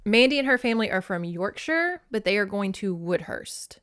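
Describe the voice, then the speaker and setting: A woman hosting a podcast in a relaxed, gossipy way, laughing often and swearing casually. Her voice is smooth and clear, sitting mid-range for a woman, and the sound is dry and close. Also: medium pitch, moderate pace, no room sound. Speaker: podcast host. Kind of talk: casual chat and read-aloud.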